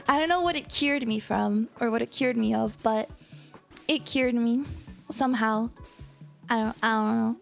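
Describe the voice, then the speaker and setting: A woman streaming a game and chatting casually with viewers. Her voice sounds strained and tired, and she is excitable and apologetic, breaking into loud squeals. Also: a little high, gravelly. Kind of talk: casual gameplay chat with viewers.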